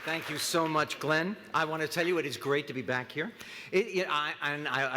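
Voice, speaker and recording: A middle-aged man speaking as master of ceremonies at an awards event, joking with many halting restarts. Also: a little high, bright, forceful tone. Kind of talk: comic awards-ceremony emcee speech. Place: large hall at an awards ceremony. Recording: long reverb of a large hall.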